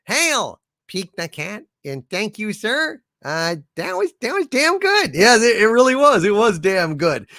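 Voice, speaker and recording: Lively, slow-talking male stream host. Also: high-pitched, no echo, studio quality. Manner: chatty and appreciative, thanks viewers warmly and often. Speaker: livestream host. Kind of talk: casual livestream chat, reading viewer messages aloud.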